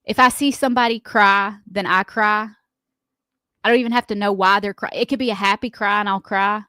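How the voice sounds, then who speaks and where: A woman's voice: mid-range voice, fairly even intonation, a little fast, pushed and bright, smooth, dry recording, clean studio sound. A woman co-hosting a morning radio show, telling chatty stories and acting out what people say. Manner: chatty storyteller, laughs often, acts out quotes. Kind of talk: casual morning radio chat. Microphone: studio microphone.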